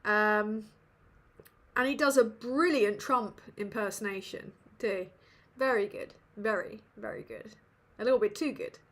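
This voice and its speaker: A woman's voice: medium pitch, a little slow, a bit bright. A woman from England, hosting a live Q&A in a sweary, self-mocking, rambling way. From northern England. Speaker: livestream host. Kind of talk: casual live Q&A chat.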